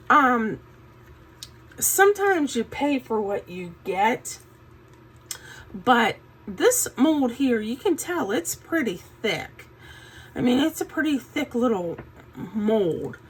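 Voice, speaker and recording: A woman's voice: a little high, slight background noise, poor audio. A woman hosting a casual crafting tutorial, chatty and folksy, with a groggy morning voice since she has just woken up. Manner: chatty, folksy, says "um" a lot. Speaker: craft channel host.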